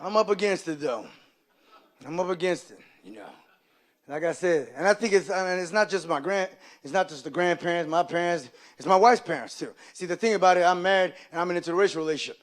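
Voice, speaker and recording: A man doing live stand-up comedy, telling animated stories and slipping into loud character voices. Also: sits high, fast.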